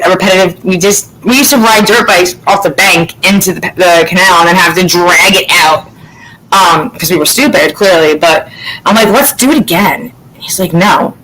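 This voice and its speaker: A woman from Florida in casual chat as host, telling lively stories and swearing freely. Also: lowish voice, a little hiss or hum, poor audio. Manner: animated storytelling, swears freely.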